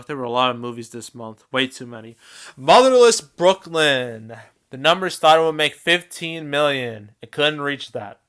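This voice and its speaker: A man hosting a casual movie box office recap, talking in an animated way with frequent laughs and trailing fillers. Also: mid-range voice, clear, resonant tone. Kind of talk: casual video commentary.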